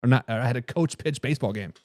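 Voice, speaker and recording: A man hosting a fan sports talk show, hyping his team, shouting catchphrases and answering viewer comments while drinking beer. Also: medium pitch, fast talker, dry recording. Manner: hype, repeats catchphrases, says "baby". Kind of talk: hyped live sports talk.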